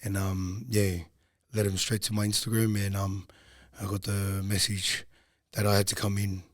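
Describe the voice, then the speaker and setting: Low, dry-voiced man telling a story. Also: completely flat delivery, normal speed, no room sound. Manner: low-key, loose, rambling with frequent ums. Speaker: podcast guest. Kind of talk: casual storytelling.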